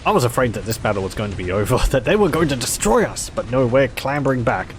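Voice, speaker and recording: A man's voice: mid-range voice, very animated, quick pace, soft background music. A man casually commenting on a strategy game, chatty and rambling, with jokey asides. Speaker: gameplay commentator.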